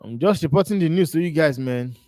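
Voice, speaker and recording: A man's voice: on the high side, lively intonation, fairly quick, dark tone, no room sound, clean studio sound. A man hosting a live football watch-along, ranting in disbelief about transfer rumours and repeating himself. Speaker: host.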